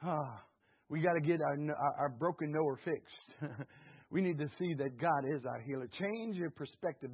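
A man delivers a fervent sermon, his slightly hoarse voice rising to shouts and falling low as he has the congregation repeat after him. The audio is narrow and tinny.

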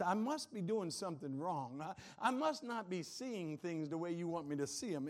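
A man preaching a sermon as pastor, animated, firing questions at the congregation and laughing often. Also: high voice, normal speed, hardly any pauses.

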